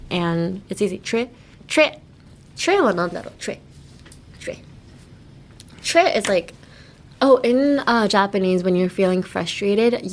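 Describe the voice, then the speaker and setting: A young woman hosting a casual bilingual language lesson, playful and giggly, drilling words over and over. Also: mid-range voice. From United States. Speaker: podcast host, English teacher.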